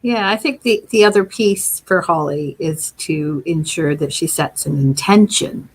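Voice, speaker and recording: A woman hosting a podcast, talking calmly in a reflective coaching tone. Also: low voice, a little slow, husky. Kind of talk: casual podcast chat.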